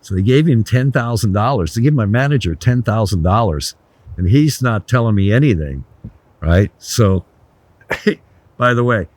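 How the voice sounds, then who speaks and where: An older man, a resort founder, telling blunt, animated anecdotes in a casual interview, swearing freely. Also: fairly low pitch, normal speed, no echo.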